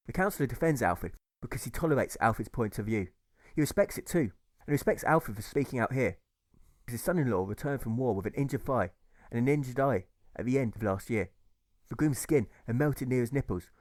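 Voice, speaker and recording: A man's voice: mid-range voice, expressive, brisk, a little mellow, dry recording, studio quality. Man reading rhyming verse narration. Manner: rhythmic rhyming delivery. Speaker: author reading his own novel.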